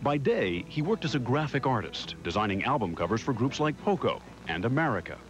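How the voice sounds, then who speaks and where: A male TV correspondent reads scripted narration in a polished broadcast manner. His intonation rises and falls a lot, at a middle pitch. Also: very animated, fairly quick, soft background music, low-quality recording. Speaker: TV news magazine correspondent. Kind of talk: scripted news narration and interviewing.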